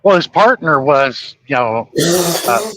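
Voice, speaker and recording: Bright chatty man in his forties. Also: mid-range voice, big pitch swings, slow pace, slight background noise, poor audio. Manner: chatty, laughs at his own retellings. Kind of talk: casual chat.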